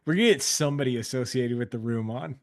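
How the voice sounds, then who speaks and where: A man's voice: mid-range voice, fast. A man hosting a podcast, playful and laughing along with his guest. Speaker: podcast host. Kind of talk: casual podcast chat.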